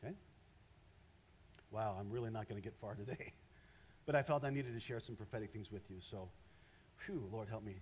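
A man's voice: fairly low pitch, brisk, long pauses, breathy edge, dull audio. A man preaching a sermon in a church, talking straight to his congregation and drawing them in. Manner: animated, talks straight to the congregation.

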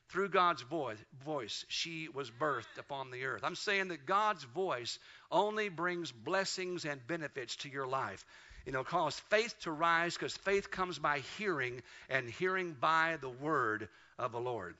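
A middle-aged man from the United States preaching a sermon as pastor, rising to loud emphatic proclamations. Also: fairly high pitch, lively intonation, unhurried, muffled recording.

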